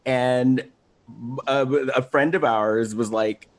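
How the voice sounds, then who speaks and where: A man's voice: mid-range voice, fairly even intonation, takes it slowly. A man hosting a podcast, chatting casually and enthusiastically, laughing often and repeating himself. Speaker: podcast host. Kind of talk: casual chat.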